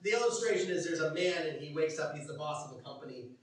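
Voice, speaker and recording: A man preaching a sermon as pastor, telling stories animatedly, acting out quotes and dropping from loud to hushed. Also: fairly high pitch, expressive, fast. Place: church. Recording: echoey church hall from far off.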